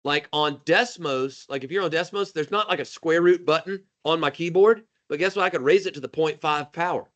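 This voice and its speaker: A man teaching a high school math class live, joking and calling on students by name. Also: a little fast, few pauses, fairly bright tone.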